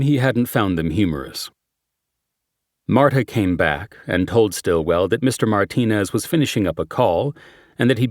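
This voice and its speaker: A man narrating a crime thriller audiobook in a measured, steady reading. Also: low-pitched, no echo, studio quality. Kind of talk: scripted narration.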